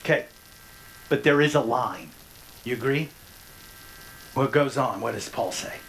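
A pastor delivers a sermon to a church congregation from the front. His delivery climbs into loud, rising bursts and then drops to hushed, low passages. He keeps checking in with his listeners through repeated questions. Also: unhurried, slight background noise. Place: church sanctuary, speaking from the front.

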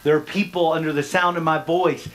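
Man, pastor, sermon, church sanctuary, loud rising bursts, hushed low passages, repeated questions to listeners. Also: steady tone, brisk. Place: church sanctuary, speaking from the front.

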